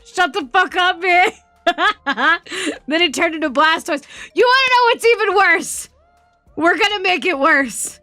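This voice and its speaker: A woman streamer chats casually in a high, bright voice, and her talk is lively, profane and full of laughter. The sound is dry, with faint music playing underneath. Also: measured pace, no room sound. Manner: animated, profane storytelling with frequent laughter. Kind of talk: casual chat.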